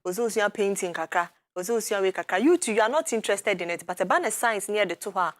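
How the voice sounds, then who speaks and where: A woman with a Ghanaian accent hosting a studio talk show, lively and switching quickly between Twi and English. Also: mid-range voice, no room sound.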